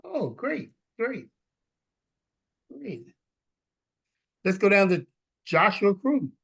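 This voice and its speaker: Male host, high-pitched, hesitant, video-call introductions. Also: sing-song, gravelly, fairly bright tone, husky. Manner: halting, with many fillers and restarts. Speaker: meeting host. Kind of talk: online meeting introductions.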